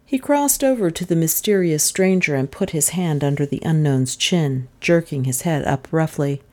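A woman reading a mystery novel aloud as the narrator, steady and even. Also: sits low, normal speed. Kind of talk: audiobook narration.

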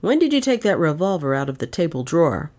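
A woman's voice: low voice, big pitch swings, fast, a little mellow. A woman reading a stern, badgering male detective. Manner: badgering, menacing questioning. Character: stern hard-edged male police detective.

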